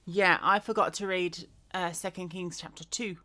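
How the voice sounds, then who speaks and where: A woman's voice: fairly low pitch, fairly even intonation, moderate pace, sharp tone. A woman reading the Bible aloud in a casual way, with chatty asides, fillers and self-corrections. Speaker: reader.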